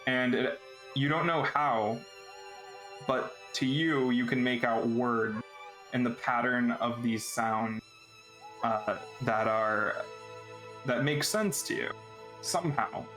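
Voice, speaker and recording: A man running a tabletop game as game master, narrating scenes in a relaxed storytelling way. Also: medium pitch, faint music behind. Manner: relaxed storyteller, breaks into quick character voices and laughs.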